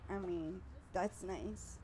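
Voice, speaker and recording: A woman's voice: lowish voice, steady tone, slow, a crowd in the background. A woman co-hosting a podcast outdoors on a street, chatty and wisecracking in casual banter. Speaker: podcast co-host.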